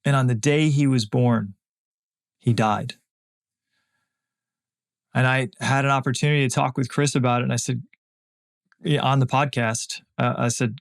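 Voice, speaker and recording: A man's voice: medium pitch, fairly even intonation, unhurried, vocal fry, pauses often. A man hosting a podcast, giving an earnest, emphatic motivational faith talk and repeating phrases for emphasis. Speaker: podcast host.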